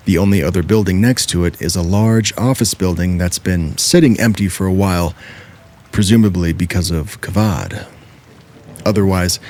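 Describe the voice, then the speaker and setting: A man with a very low, deep voice reads true horror stories aloud. His delivery is steady and measured, like scripted narration.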